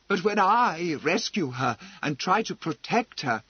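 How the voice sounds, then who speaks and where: A melodramatic young man protests in an indignant, theatrical tone, as a narrator voices him. The delivery is husky and lively in pitch, on a slightly dull recording. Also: unhurried, dry recording, exaggerated voice.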